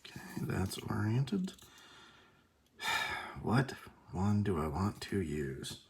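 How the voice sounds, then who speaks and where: At his workbench, a man hosts a casual workshop video, talking through his work with dry, self-deprecating asides and muttered remarks. His voice sits on the low side, slow and sing-song, with a creaky, darkish tone.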